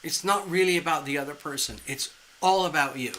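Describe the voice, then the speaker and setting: A man reads tarot on a live stream, talking in a chatty, playful way. His voice sits somewhat high and sounds bright and forward. He keeps the delivery animated and conversational. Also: a little fast, a little hiss or hum, low-quality recording. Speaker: tarot reader.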